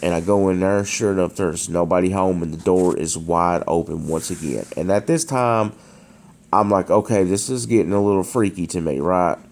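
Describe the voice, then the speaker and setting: Man, deep gravelly voice, halting casual storyteller, faint background hiss. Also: darkish tone. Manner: hesitant, many restarts and fillers. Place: dark room at home.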